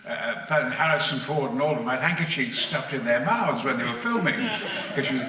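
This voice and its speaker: A man guest at a convention panel, telling stories to the audience in a booming, theatrical way, heard from far off in an echoey hall. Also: expressive, moderate pace, sharp tone. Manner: booming, theatrical, acts out voices. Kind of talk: anecdotal storytelling to an audience.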